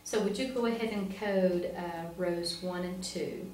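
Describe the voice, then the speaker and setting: A woman's voice: on the low side, a little slow, darkish tone. A woman reading teacher tutoring a student one-on-one, patient and encouraging, prompting step by step. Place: classroom. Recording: roomy, from far off, faint noise.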